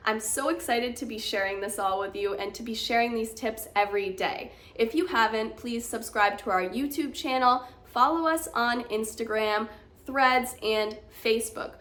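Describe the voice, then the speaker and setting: An American woman coaching the accent, encouraging and clear as she walks learners through examples. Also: on the high side, normal speed, a bit bright. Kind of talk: teaching lesson to camera.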